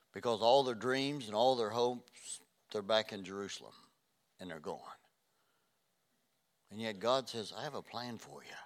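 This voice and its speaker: An older man preaching a sermon, earnest, dropping to a hush and then rising loud. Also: on the low side. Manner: earnest, swings from hushed to loud. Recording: reverberant hall.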